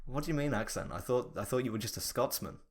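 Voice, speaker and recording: A man hosting a podcast in casual chat, rambling and animated with mock outrage. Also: medium pitch, quick pace, crowd noise. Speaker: podcast host.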